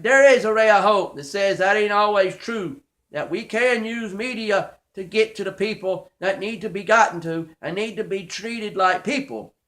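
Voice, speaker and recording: A man's voice: high-pitched, pushed and bright. A man preaching an informal online sermon from his small office church, folksy and fervent, talking straight to his critics.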